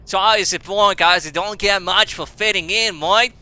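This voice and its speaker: A man's voice: high-pitched, normal speed, pushed and bright, clean tone, pitched above the performer's own voice. A man voicing a brash male brawler from a video game, sliding into an Australian accent. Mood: cocky. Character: brash male brawler bragging in slangy tough-guy talk.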